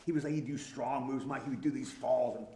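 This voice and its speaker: An older man, an actor guest at a convention, telling stories in an animated way and acting out comic bits. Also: medium pitch, a little fast. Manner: animated, tells anecdotes and acts out bits. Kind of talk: convention interview storytelling. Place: convention hall, live stream. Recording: echoey room.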